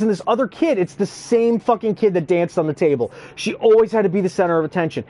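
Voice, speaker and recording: Brief: high-voiced young guy, profane, animated storyteller, casual gaming chat. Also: fast talker. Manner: animated, profane, acts out quotes. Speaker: youth care worker.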